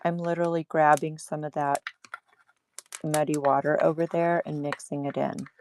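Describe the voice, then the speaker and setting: A woman's voice: deep voice, level tone, moderate pace, darkish tone, a little hiss or hum. A woman hosting a casual livestream craft demo at her table, chatty and laughing at herself.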